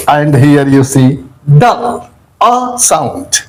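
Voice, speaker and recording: A man's voice: high voice, extremely slow, darkish tone, poor audio. A man teaching English pronunciation with an Indian accent, spelling words out letter by letter and calling his listeners "dear". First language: Hindi. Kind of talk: slow classroom pronunciation lesson.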